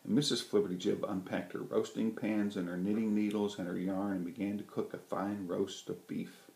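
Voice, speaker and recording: A man reading a children's story aloud with a gentle, lively delivery. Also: fairly low pitch, moderate pace, creaky. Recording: roomy echo.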